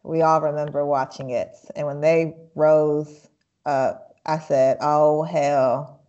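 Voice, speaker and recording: A woman co-hosting a casual podcast, blunt and excitable and swearing freely. Her voice is deep and unhurried. The sound is a little dull and lo-fi. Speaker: podcast co-host. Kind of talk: casual chat.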